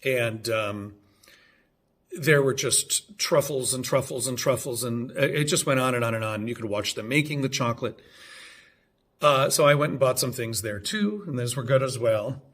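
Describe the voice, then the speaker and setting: A man's voice: medium pitch, normal speed, fairly bright tone. A man in his fifties telling a rambling, casual story on his vlog, full of hesitations, fillers and restarts. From United States. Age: 50s. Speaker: vlogger.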